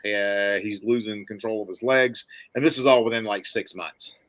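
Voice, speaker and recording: A podcast co-host chats casually, rambling with many restarts and folksy sayings. His voice is fairly low and a bit bright, at a moderate pace.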